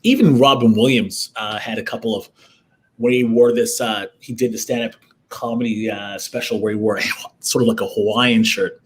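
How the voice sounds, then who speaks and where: A man's voice: on the low side, fairly even intonation, moderate pace. A man talking as an actor guest in a casual interview, telling rambling stories and laughing often, over a video call. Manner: rambling, chatty storytelling with frequent laughs.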